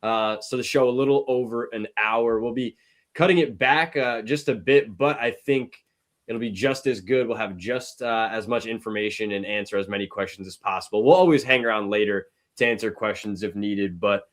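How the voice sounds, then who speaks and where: A man hosts a live sports betting show, chatting casually, upbeat and rambling, and greeting chat viewers by name. He speaks in a lowish voice at a moderate pace.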